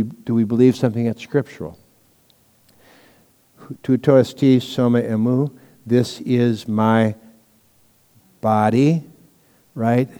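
A man preaches to his congregation in a relaxed, conversational way, slipping in stories and asides as he teaches. His voice is mellow and warm. The sound carries a long reverb from a large church hall. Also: mid-range voice, smooth. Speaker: pastor. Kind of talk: sermon, Bible teaching.

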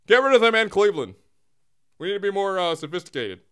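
Male comedy podcast host, animated and clear-voiced, playful mock-serious delivery. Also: high-pitched, fast.

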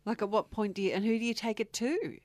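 A woman co-hosting a casual chat, reacting and telling quick anecdotes. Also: on the high side, darkish tone, no echo. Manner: chatty, reacts and jokes. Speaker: podcast co-host.

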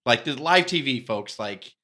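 A man hosting a podcast, telling a story in casual chat, animated and swearing freely. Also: medium pitch, normal speed, dry recording, studio quality. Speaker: podcast host.

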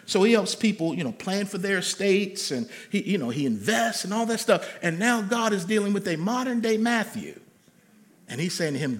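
High-voiced man preaching a sermon. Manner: emphatic preacher, swings from loud to soft. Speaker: pastor.

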